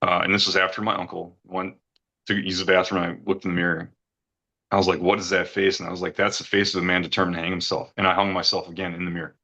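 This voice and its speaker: A man's voice: sits low, little pitch movement, quick pace, pushed and bright, low-quality recording. A middle-aged man earnestly recounting a personal experience, rambling and repeating words when he gets emotional. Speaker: retreat guest giving a testimonial.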